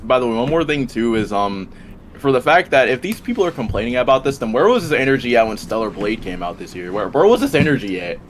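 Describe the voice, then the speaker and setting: A man's voice: mid-range voice, very animated, fast talker, slight background noise. A man making a rambling, repeating case in a casual debate over a voice call. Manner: rambling, repeats and restarts while arguing.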